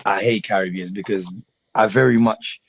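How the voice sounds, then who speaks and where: Husky host in dull lo-fi audio. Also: male voice, on the low side, steady tone, moderate pace. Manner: rambling, repeats phrases, frequent "you know what I'm saying". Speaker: podcast host. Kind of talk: casual debate chat. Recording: dull lo-fi recording.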